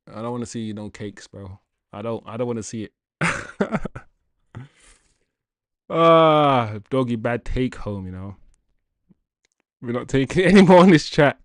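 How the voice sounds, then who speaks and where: A slangy man hosts a football livestream, reading viewer comments in an animated way, laughing and rambling as he chats casually. His mid-range voice is smooth, captured in a dry, studio-quality recording.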